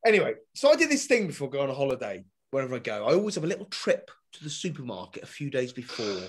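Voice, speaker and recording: A man doing a stand-up comedy routine, swinging between loud punchlines and muttered asides. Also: medium pitch, sing-song, quick pace. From Britain. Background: audience laughter.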